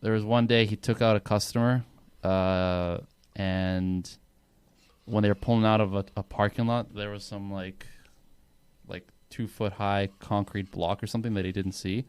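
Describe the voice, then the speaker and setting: A man's voice: on the low side, steady tone, normal speed, a little mellow, clear, resonant tone. A young man co-hosting a casual podcast, telling rambling stories with plenty of swearing. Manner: rambling storytelling, heavy swearing. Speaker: podcast co-host. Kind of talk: casual chat.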